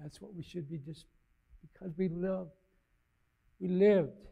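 An older man giving an informal, rambling sermon with a personal story, his folksy voice swelling loud and dropping low. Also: measured pace, creaky, long pauses, highs cut off. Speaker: lay preacher.

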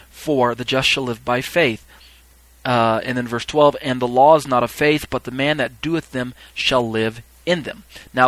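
A man's voice: medium pitch, fairly bright tone, poor audio. A man giving a podcast Bible teaching who reads scripture and his commentary aloud. He searches his notes with fillers and grows emphatic as he explains.

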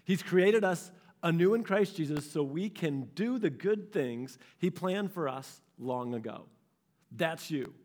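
Animated male pastor preaching a sermon. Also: a little high. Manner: storytelling, animated, acts out his own past reactions.

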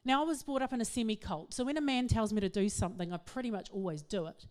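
A middle-aged woman, giving a humorous, self-mocking talk to an audience in an animated storytelling manner. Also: medium pitch, fast. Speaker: speaker.

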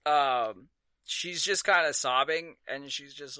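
A man narrating as game master of a tabletop game, halting with many fillers and quick to laugh. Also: on the high side, pushed and bright, dry recording.

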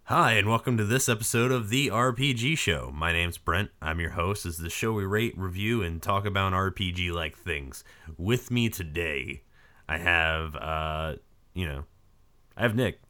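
Deep-voiced man, hoarse with a cold. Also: a little slow, pushed and bright. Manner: crude joking, rambling. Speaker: podcast host. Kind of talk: casual chat.

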